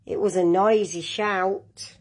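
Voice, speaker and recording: A woman reading a picture book aloud to children, gently adding little asides to young viewers. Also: medium pitch, fairly even intonation, slow, slightly rough. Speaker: storyteller.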